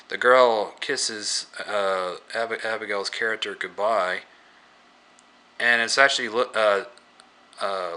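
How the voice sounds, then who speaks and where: This is a man with a lowish, sharp, tense voice, recapping a movie casually. He rambles and halts often, filling the gaps with filler words. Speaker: movie reviewer.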